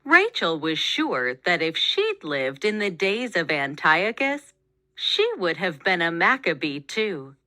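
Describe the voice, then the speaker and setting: A woman reading a children's picture book aloud, with expressive, animated storytelling. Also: fairly low pitch, takes it slowly, no room sound, studio quality. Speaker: storybook reader.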